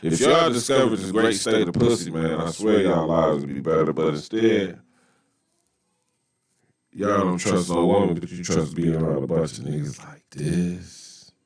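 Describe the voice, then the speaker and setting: A man's voice: low voice, a little slow, far from the mic. A man hosts a casual reaction talk. He riffs in a loose, mocking way, full of street slang. The sound is roomy, as if he sits back from the microphone. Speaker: podcast host reacting to a video.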